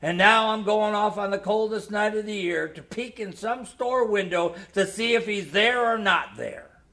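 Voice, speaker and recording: A man's voice: sits high, lively intonation, normal speed, vocal fry, pushed and bright, full character voice. A man reading the part of an exasperated, grumbling middle-aged father who mutters his complaints.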